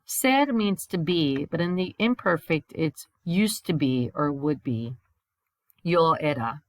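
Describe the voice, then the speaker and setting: Low-voiced woman teaching a grammar lesson. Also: animated, slow, dry recording. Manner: explains step by step, reads examples in Spanish then English. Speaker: Spanish teacher. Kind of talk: recorded grammar lesson over slides.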